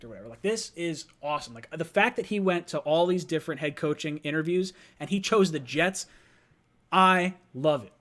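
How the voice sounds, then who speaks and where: High-voiced excitable young man ranting. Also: brisk. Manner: excitable, rambling, laughs often. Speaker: livestream host. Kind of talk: hyped live fan show rant. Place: home late at night.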